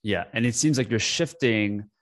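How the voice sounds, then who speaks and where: Low-voiced male podcast host, dry sound. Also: moderate pace, dry recording. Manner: thoughtful, summarizing, with fillers. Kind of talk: interview conversation.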